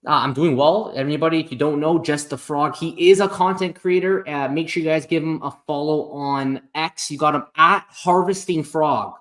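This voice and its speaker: A man's voice: fairly high pitch, fairly even intonation, normal speed, hardly any pauses, fairly bright tone. A man hosting his channel, chatting casually and cheerfully with a guest, with frequent fillers. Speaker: channel host. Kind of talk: casual interview chat.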